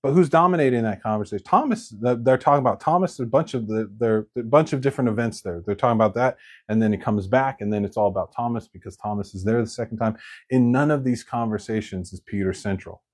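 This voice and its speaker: A male pastor preaching a sermon, telling the story in an animated way and acting out the quoted lines. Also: mid-range voice, quick pace.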